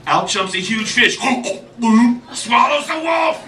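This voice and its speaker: A man telling a story live at a children's show, animated and playful, repeating refrains. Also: very high voice, takes it slowly, heavy background noise. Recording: echoey live room from far off, crowd and music.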